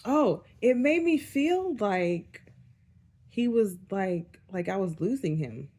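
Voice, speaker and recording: A young woman spiritual vlogger gives a casual energy update, talking candidly and rambling while swearing often and laughing at herself. Her voice is on the low side and a little mellow.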